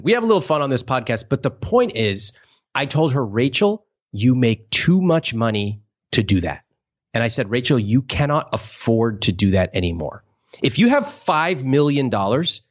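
A man hosting a podcast, telling stories in a casual, animated way and acting out quoted voices with big swings. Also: mid-range voice, lo-fi sound. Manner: animated storyteller, acts out quotes in exaggerated voices. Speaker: podcast host.

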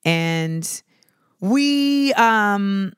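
A woman's voice: mid-range voice, lively intonation, extremely slow, smooth, no room sound, studio quality. Candid, swearing woman podcast host. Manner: candid, profane, digressive, many "like" fillers. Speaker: podcast host answering listener questions. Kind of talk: casual advice talk.

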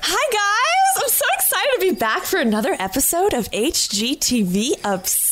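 A woman's voice: very high-pitched, very animated, moderate pace, music in the background. A woman co-hosting a podcast in casual chat, bubbly, giggly and playful. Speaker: podcast co-host.

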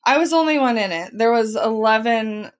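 A woman's voice: a little high, moderate pace. A woman co-hosting a podcast in casual chat, telling stories animatedly with lots of "like", her voice still recovering after being lost. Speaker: podcast co-host.

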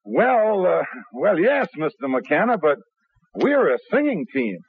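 Eager young radio performer, high lively voice, husky, tinny old radio broadcast. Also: male voice, unhurried, full character voice. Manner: eager, persuasive. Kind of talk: 1950s radio drama acting.

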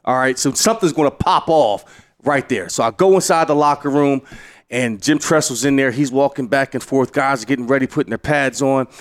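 Animated middle-aged man telling a story. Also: medium pitch, brisk, no room sound, clean studio sound. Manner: excitable, laughing, acts out quotes loudly. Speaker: head coach and former player.

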